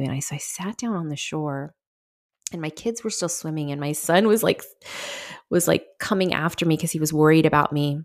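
Woman, low voice, middle-aged, podcast host, candid chatty storytelling, frequent fillers. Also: fairly quick. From Southern California.

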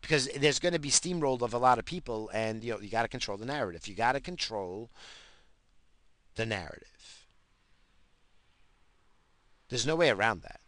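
A man's voice: mid-range voice, expressive, normal speed, pauses often, a bit bright, no room sound. A man, calling himself a stoner, ranting about conspiracies in heated, profane talk that keeps repeating itself. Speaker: self-described stoner.

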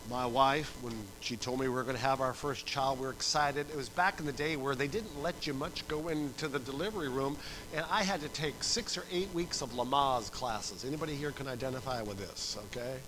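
A middle-aged man preaching a sermon, telling stories with acted-out voices and swinging from soft to loud. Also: medium pitch, a little fast, rough recording. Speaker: pastor.

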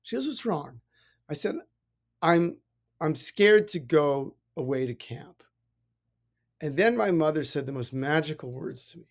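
A man, a rabbi, giving a casual spiritual talk and telling personal stories, animated with many restarts. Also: on the high side, measured pace, long pauses. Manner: animated storytelling with frequent restarts and laughs. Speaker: rabbi, podcast host.

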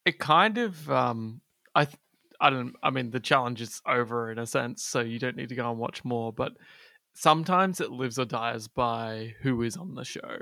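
A man's voice: mid-range voice, moderate pace, gravelly, pushed and bright, no room sound, clean studio sound. A man co-hosting a podcast in casual chat, teasing his partner and thinking aloud as he talks. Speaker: podcast co-host.

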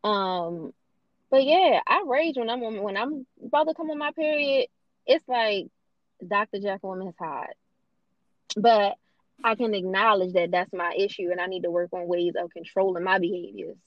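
Frank, animated woman podcaster. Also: mid-range voice, moderate pace, no echo, dull audio. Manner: frank and animated, laughs often. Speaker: podcast cohost. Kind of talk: casual chat.

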